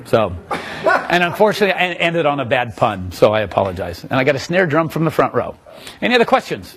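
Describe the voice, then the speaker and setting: Husky, lively man joking through a lecture. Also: a little high, fast talker. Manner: joking, animated, self-mocking. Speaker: magician teaching a live lecture. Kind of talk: live lecture with audience questions. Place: room with a live audience.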